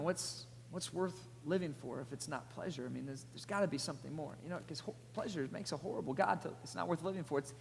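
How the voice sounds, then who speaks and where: A man in his thirties preaching to a church, telling a personal story with animated, energetic delivery. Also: a little high, vocal fry, long reverb tail, a little hiss or hum. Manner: animated storytelling, energetic, rising loud at climaxes. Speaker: pastor. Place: church auditorium.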